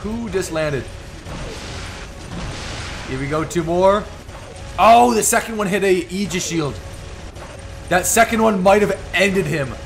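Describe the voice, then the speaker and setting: A man with a slightly high voice delivers excitable live commentary on his gameplay. He taunts the opposing players as he goes. Faint background music runs beneath his voice. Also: unhurried, vocal fry. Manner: excitable, trash-talking the enemies. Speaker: gaming YouTuber.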